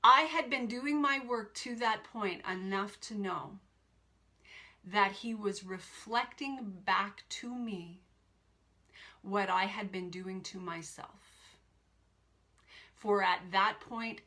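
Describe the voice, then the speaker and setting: Slow, bright-voiced woman coach. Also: mid-range voice. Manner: emphatic, repeats phrases for weight. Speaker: life coach. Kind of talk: personal story to viewers.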